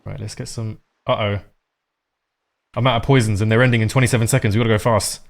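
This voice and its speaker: A man with a somewhat low voice talking through a live game stream. He rambles casually, swears often and chats to viewers as he plays. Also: fairly even intonation, fast talker, gravelly.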